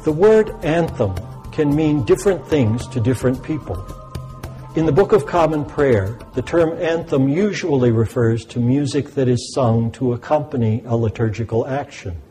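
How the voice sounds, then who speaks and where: A man teaching about sacred music in a measured, explanatory way. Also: mid-range voice, lively intonation, dark tone, poor audio. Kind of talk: scripted lesson narration.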